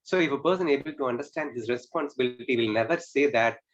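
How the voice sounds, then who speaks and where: A man's voice: medium pitch, fast. A man giving a spiritual discourse as a teacher, earnest and explaining through rhetorical questions. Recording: dull lo-fi recording.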